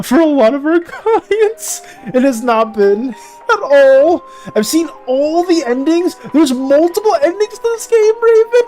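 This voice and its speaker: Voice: medium pitch, darkish tone. A streamer chatting casually with viewers while playing and reading game text aloud.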